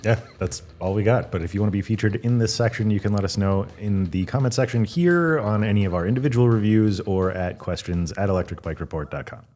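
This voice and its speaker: Relaxed man co-hosting a podcast. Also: lowish voice, quick pace, hardly any pauses. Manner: relaxed, conversational sign-off. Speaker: podcast co-host. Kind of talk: casual podcast chat.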